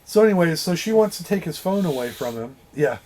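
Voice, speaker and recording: Casual male podcast co-host, slightly high voice, rambling and animated plot recap. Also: brisk, slight background noise. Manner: animated retelling with acted-out quotes and swearing. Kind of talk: casual movie review chat.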